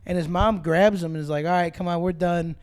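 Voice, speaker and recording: Brief: comedian guest, man, high voice, riffs and acts out quotes in loose podcast chat. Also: fairly even intonation, brisk, a crowd in the background. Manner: riffing, acts out quotes of others. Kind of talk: casual chat, rambling storytelling.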